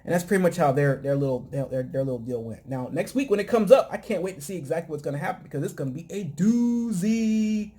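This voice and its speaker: A man's voice: fairly high pitch, expressive, fast, hardly any pauses, dark tone. A man hosting a casual talk show, recapping episodes in a loose, rambling way full of fillers. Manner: mimics cast lines in quoted bits. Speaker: podcast host.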